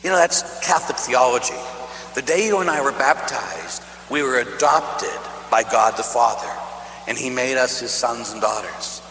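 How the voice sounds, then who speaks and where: A priest telling a lively story in a sermon, swinging from hushed tones to loud shouts, from Pittsburgh. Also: male voice, mid-range voice, normal speed, a little hiss or hum. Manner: animated storyteller, voices jumping from hushed to shouting. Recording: echoey hall.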